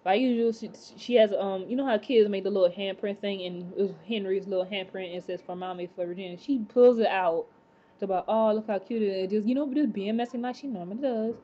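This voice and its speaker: Woman, casual TV recap, rambling, exclamatory, dark soft tone, slightly dull lo-fi recording. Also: mid-range voice, quick pace. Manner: rambling, many fillers and exclamations. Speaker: TV episode reviewer.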